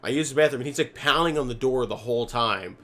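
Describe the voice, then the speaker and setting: Bright-voiced rambling young man. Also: mid-range voice, fast talker. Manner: rambling storyteller, heavy use of "like", many restarts. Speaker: podcast co-host. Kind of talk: casual chat while gaming.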